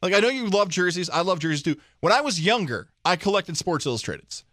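A man hosting sports radio who talks in an easy, opinionated way. His voice sits a bit high for a man, and the mic sound is dry and close. He keeps the segment moving. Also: big pitch swings, quick pace, a bit bright, no echo. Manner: conversational, opinionated, steering the segment. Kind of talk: casual sports talk.

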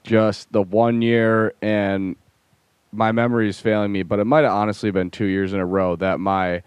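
A young man in casual chat, relaxed and rambling, recalling family traditions. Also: on the low side, normal speed, smooth, no room sound.

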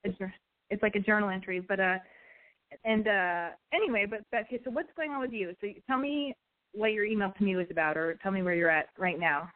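A woman's voice: medium pitch, steady tone, a little fast. A woman hosting a call-in podcast, brash, chatty and profane, with a slight lisp and allergy congestion. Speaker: call-in show host. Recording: tinny phone-quality sound.

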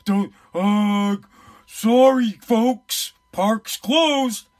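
A man's voice: high voice, very slow, a little mellow. A man putting on a whiny, defeatist male basketball coach who mumbles and hesitates with resignation. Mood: mopey, resigned.

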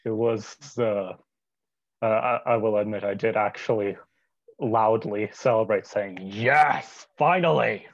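A young man speaking as a guest in a casual interview, hesitant and full of filler pauses. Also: on the low side, level tone, a little mellow, dry recording. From United Kingdom. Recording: dull lo-fi remote audio.

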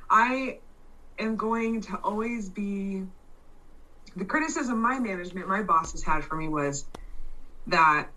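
A woman in casual chat, loud and blunt, swearing freely and restarting her sentences as she tells a story. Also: mid-range voice, slow pace, long pauses, distant mic, poor audio.

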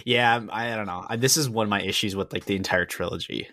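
A man with a fairly low voice, talking casually and a bit hesitantly during a movie review podcast. He pauses on "um"s as he sorts through his thoughts. The recording is dry and close. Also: sharp tone, dry recording. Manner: measured, hesitant, many "um"s. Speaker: podcast co-host. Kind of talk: casual film review chat.

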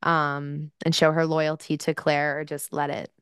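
A woman's voice: sits low, flat delivery, measured pace, fairly bright tone, smooth, no room sound, studio quality. A young woman co-hosting a podcast in casual, blunt chat. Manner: blunt, swears freely. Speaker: podcast co-host.

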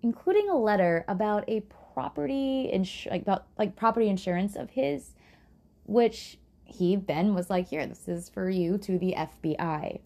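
Woman host for casual true crime storytelling, chatty and sarcastic, swears freely, warm low-key tone that swings up and down a lot. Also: lively intonation, normal speed, gravelly.

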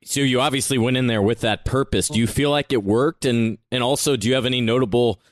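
A man's voice: medium pitch, quick pace, no room sound. Eager male interviewer, dry close sound. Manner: brief eager reactions and follow-up questions. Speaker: sports podcast host, interviewer. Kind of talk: casual interview.

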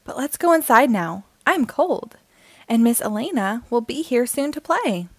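A woman voicing a kind, patient tiger father in a storybook read-aloud, in a gentle manner. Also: fairly high pitch, expressive, a little slow, no room sound.

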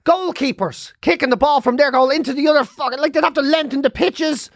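A Dublin Irish man with a fairly high voice co-hosting a podcast, holding forth bluntly and peppering his rants with swearing. The sound is dry and close-miked. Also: fairly quick, no echo. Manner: ranting, blunt, heavy swearing. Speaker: podcast co-host. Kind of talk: casual chat.

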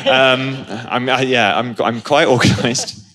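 A man tells lively stories as a guest on a convention stage. His voice is bright and forward, and he laughs often. The hall gives the sound a long reverb. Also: medium pitch, a little slow. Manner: animated storyteller, laughing often. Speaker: actor guest. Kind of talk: live stage interview.

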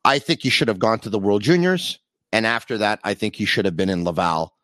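A man hosts a sports podcast from his basement, his voice close and dry with no room echo. He talks in a relaxed, conversational way and builds up to his questions. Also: on the low side, fairly quick. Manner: conversational, sets up questions in long lead-ins. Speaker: podcast host. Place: home basement.

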